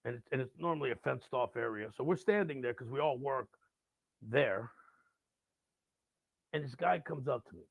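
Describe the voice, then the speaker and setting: A man, a radio host, telling a rock-and-roll story casually and acting out the people in it loudly. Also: mid-range voice, moderate pace, creaky, long pauses, no echo. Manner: animated, acts out quoted voices loudly. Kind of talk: casual live-stream storytelling.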